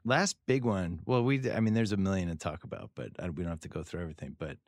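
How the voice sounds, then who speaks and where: A man with a Boston accent hosting a casual interview with quick, joking banter. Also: low-pitched, no room sound, studio quality. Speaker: podcast host.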